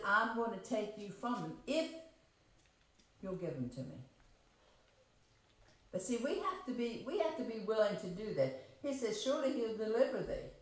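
A woman preaching a homespun, conversational sermon, reading scripture aloud and explaining it, repeating and rephrasing her points and asking the congregation questions. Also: mid-range voice. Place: church sanctuary. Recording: very echoey church room.

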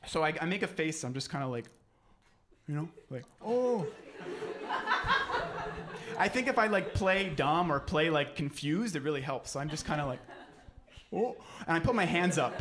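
A man's voice: fairly high pitch, fairly quick, hardly any pauses, noisy background. A young man doing stand-up comedy at a live show, telling a rambling, self-deprecating story with many restarts. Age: young adult.

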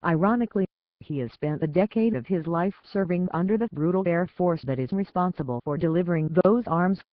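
A man reading a scripted news story in a steady read-aloud manner. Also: high-pitched, brisk, dry recording. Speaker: news reader. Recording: tinny phone-like dry sound.

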